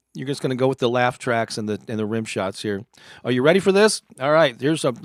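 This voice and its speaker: A man's voice: mid-range voice, no room sound, studio quality. A man hosting a live stream, reading corny cheese jokes and laughing at his own puns.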